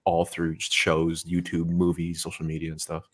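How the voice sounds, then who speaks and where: A man's voice: low-pitched, monotone, normal speed. An American man hosting a podcast, talking casually in a rambling way with lots of fillers and easy laughter. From United States. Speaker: podcast host. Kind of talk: casual conversation.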